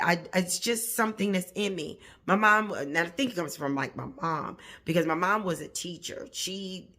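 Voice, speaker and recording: A woman's voice: fairly low pitch, normal speed, few pauses, bright, forceful tone. A woman who hosts a plant channel, talking casually and encouragingly to her viewers, repeating phrases for emphasis and chuckling often. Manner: chuckles often mid-sentence. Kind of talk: casual motivational talk to viewers.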